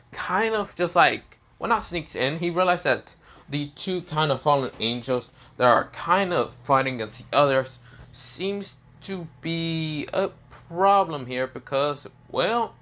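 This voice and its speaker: A man with a sore, coughing throat narrates an improvised fan story. He rambles, leaning on "this is where, well" and restarting his sentences, and his voice sounds bright and forward. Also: fairly high pitch.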